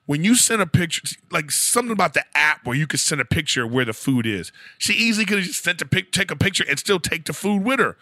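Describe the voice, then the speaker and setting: Animated ranting man, bright dry voice. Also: a little high, fast talker, hardly any pauses, dry recording. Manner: profane, animated, acts out quoted voices. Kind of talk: casual storytelling rant.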